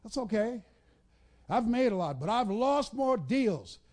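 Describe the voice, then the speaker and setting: A man giving a motivational speech to a live audience, in a preacher-like cadence that builds with repetition and breaks into shouts, telling the crowd to repeat after him. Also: very high voice, very animated, a little slow. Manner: commands the audience to repeat and write things down. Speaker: motivational speaker.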